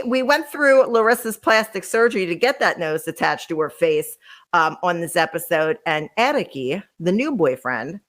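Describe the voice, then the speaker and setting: A woman's voice: a little high, a bit bright. A woman hosting a podcast, chatting casually and sarcastically as she gossips about reality TV and talks to her live chat. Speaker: podcast host.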